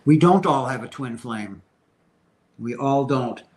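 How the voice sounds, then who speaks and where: A man's voice: medium pitch, expressive, slow pace, rough recording. A man hosting a casual question-and-answer stream, speaking earnestly and emphatically, often restarting his sentences. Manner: earnest, emphatic spiritual talk with many restarts. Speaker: host answering viewer questions. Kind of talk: casual Q&A livestream.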